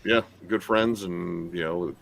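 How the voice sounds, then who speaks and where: A man's voice: deep voice, slow pace, vocal fry, crowd noise. A man hosting a casual podcast chat, rambling with lots of fillers. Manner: relaxed, rambling with many fillers.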